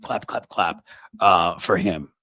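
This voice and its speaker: A man's voice: low voice, takes it slowly, bright, forceful tone, no echo. A man in his fifties from New York City, hosting a political commentary monologue with sarcastic, mocking asides. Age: 50s. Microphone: studio microphone.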